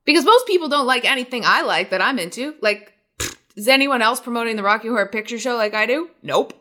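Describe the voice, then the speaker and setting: A woman co-hosting a sports podcast, talking in a rambling, animated, self-deprecating way. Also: on the high side, fast. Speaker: podcast co-host. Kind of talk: casual sports chat. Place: New York City.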